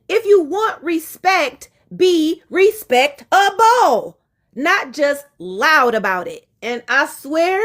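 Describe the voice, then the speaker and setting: A woman giving a live-stream relationship talk, emphatic and preachy, speaking straight to her viewers in casual slang. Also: high-pitched.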